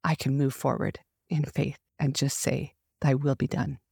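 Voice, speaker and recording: A woman's voice: rumbling low, steady tone, normal speed, gravelly, warm tone, husky, no echo, clean studio sound. A middle-aged woman hosting a faith podcast, speaking in an earnest, heartfelt, emphatic way. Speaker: podcast host. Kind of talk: faith devotional talk.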